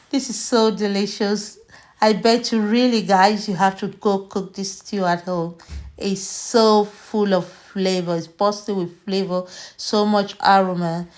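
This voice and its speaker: A woman from Nigeria hosting a cooking vlog, chatty and unhurried, walking viewers through her dish. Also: mid-range voice, steady tone. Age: adult, mother. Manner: slow, chatty, tastes food on camera and laughs. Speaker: cooking channel host. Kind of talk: casual cooking vlog narration.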